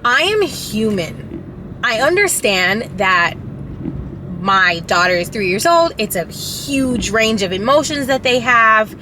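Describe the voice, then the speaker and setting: A woman's voice: fairly high pitch, animated, measured pace. Rambling woman vlogger over car noise. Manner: rambling, many fillers and restarts; candid, emotional, occasionally profane. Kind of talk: casual storytime chat.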